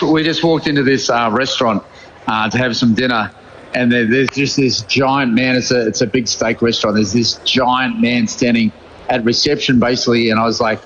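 A former rugby player with a New Zealand accent calls in from abroad for a casual phone-in chat. His medium-pitched voice comes through a rough recording with a little hiss or hum, and he's an excitable storyteller who laughs a lot.

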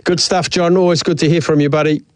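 A man's voice: on the high side, fairly even intonation, fast talker. A man hosting a sports talk radio show, easygoing and bantering. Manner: easygoing, banters, laughs often. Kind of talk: casual sports radio chat.

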